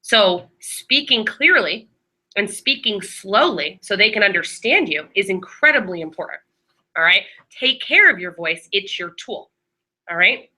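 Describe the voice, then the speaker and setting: A woman training a class of new receptionists in a room, talking quickly and chattily with many fillers and restarts. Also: medium pitch, expressive, pushed and bright, low-quality recording. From Maryland.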